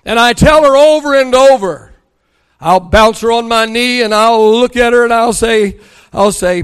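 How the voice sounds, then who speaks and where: A man's voice: very high voice, measured pace, smooth. An older man, a pastor preaching a sermon and telling family stories with acted-out dialogue. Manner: storytelling, acts out dialogue with rising excitement.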